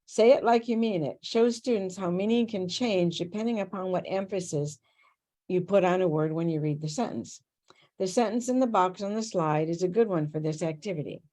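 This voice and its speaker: On a video call, a woman with a mid-range voice presents a tutor training workshop, reading prepared material clearly, steadily, and instructively.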